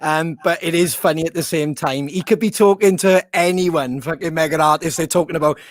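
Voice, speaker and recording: A man's voice: on the high side, brisk, no room sound. A Welsh man co-hosting a podcast over a video call, chatting in a sweary, enthusiastic, rambling way. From Wales. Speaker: podcast co-host. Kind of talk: casual chat.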